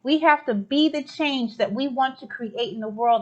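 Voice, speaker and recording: A woman's voice: high-pitched, normal speed, dull audio. A woman from the United States hosting a spiritual talk show, effusive and exclaiming as she affirms her guests. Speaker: podcast host.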